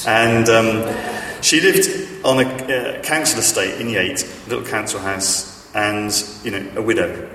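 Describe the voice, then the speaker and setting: A man's voice: lowish voice, steady tone, measured pace, hardly any pauses, sharp tone, recorded from a distance, a little hiss or hum. Man preaching in an echoey hall. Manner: chatty, self-deprecating, many fillers and restarts. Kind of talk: sermon with stories. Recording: echoey hall, speaker off-mic.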